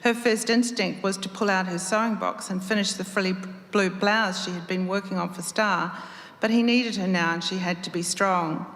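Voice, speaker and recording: A woman writer reading her own story aloud to an audience at a live event, expressive and measured. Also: mid-range voice. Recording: roomy hall reverb.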